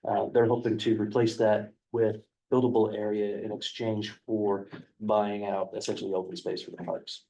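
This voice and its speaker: A man's gravelly, dark voice picked up from a distance in a county meeting room. He explains a development proposal in a flat, level tone, hesitating over fillers as he goes. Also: lowish voice, normal speed, hardly any pauses. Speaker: county planning staff presenter. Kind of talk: explaining a proposal in a work session.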